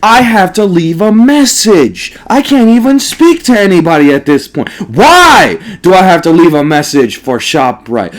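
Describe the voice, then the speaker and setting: Man, high-pitched, gaming commentator ranting, profane, repetitive rhetorical questions. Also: sing-song, measured pace, hardly any pauses. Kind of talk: ranting storytime over gameplay.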